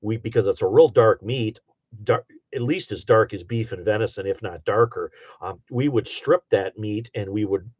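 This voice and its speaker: A man's voice: on the low side, moderate pace, a little mellow, breathy edge, no echo. A middle-aged man with an Upper Midwest accent, rambling folksy and casual while he reads out chat on a livestream, with plenty of ums and uhs. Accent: Upper Midwest, Michigan. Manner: rambling, folksy, many fillers. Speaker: livestream host reading chat. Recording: dull dry lo-fi sound.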